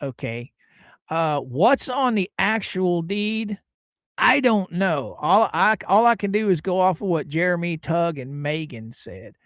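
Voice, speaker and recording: A man's voice: high voice, expressive, a little slow, a bit bright, no echo, studio quality. A man hosting a casual live stream, chatting and greeting viewers by name while hedging on legal details. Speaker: livestream host.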